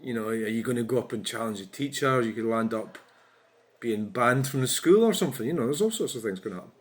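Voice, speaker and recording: A man's voice: mid-range voice, animated, quick pace. Chatty man giving casual commentary. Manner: chatty, frequent tag questions, chuckles at his own remarks. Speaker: political vlogger. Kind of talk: casual commentary reading out an online exchange.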